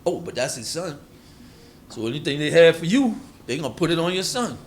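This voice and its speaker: A man's voice: fairly high pitch, big pitch swings, fairly quick, slight background noise. A man preaching a sermon on proverbs in a folksy, colloquial way, acting out everyday quotes.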